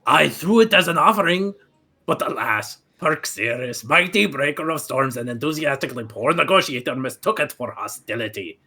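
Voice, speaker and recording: A man's voice: mid-range voice, lively intonation, moderate pace, sharp tone, breathy edge, heavily acted. A man voicing a vain, pompous male minotaur who tells a grandiose tale in a theatrical manner. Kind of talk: comic tabletop role-play.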